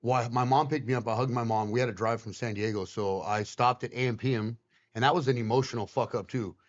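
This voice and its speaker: A man recounting his past in an easy, casual way, dropping curse words and playing the other people in his story. His voice sits at an everyday pitch. The recording sounds a little muffled and lo-fi. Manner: swearing, quick and animated retelling. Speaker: guest on a podcast. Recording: slightly dull, lo-fi sound.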